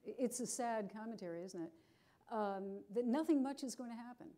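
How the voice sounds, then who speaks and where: A woman with an American accent, a journalist moderating a public conversation, asking measured questions with soft fillers. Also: a little high. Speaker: journalist interviewer.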